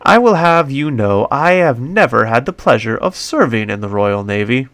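A man's voice: medium pitch, very animated, moderate pace, a bit bright, no room sound. A man voicing a prim, fussy doctor-inventor in a put-on British accent, talking formally and pleading earnestly.

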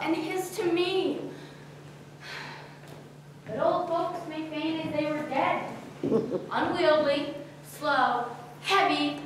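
Lovesick young girl played by a woman, impatient and pleading, high voice, distant echoey hall. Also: fairly bright tone, a little hiss or hum. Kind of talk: live Shakespeare stage acting. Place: arts center hall, recorded from the audience.

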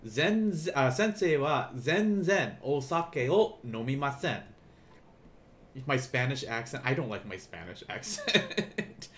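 A man's voice: mid-range voice, big pitch swings, slow pace, a bit bright, slight background noise. A man teaching a beginner language class on a live stream, asking the chat questions and encouraging them to try.

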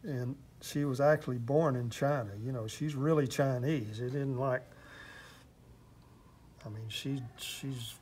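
A man's voice: medium pitch, darkish tone, a little hiss or hum. An older man from Texas with a Texan accent, chatting casually about his painting in an interview, rambling and self-deprecating. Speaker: interviewed artist.

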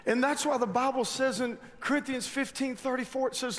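A man's voice: extremely high pitch, a little fast, few pauses. A man preaching a sermon, telling a story with lots of restarts and rising energy. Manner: animated storytelling with frequent restarts. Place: large church hall. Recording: long hall reverb, faint noise.

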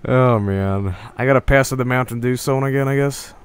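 A man's voice: mid-range voice, moderate pace, clean tone, dry recording. A young man giving casual, mumbled commentary while playing a horror game on stream, rambling and swearing often. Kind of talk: casual let's-play commentary.

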